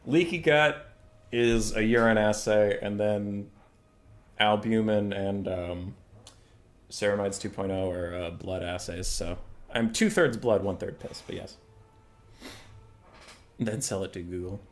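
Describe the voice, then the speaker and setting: A man's voice: on the low side, unhurried, long pauses. A young man chatting casually while he streams a game, loose and joking, swearing freely.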